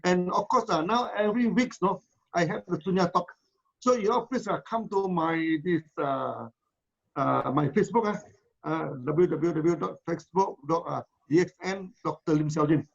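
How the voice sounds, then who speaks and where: Man, Malaysian English accent, husky, rambling with fillers, lo-fi audio. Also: sits high, moderate pace. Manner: rambling, repeats words, many uh and no? tags. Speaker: company founder answering questions. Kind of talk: live online Q&A.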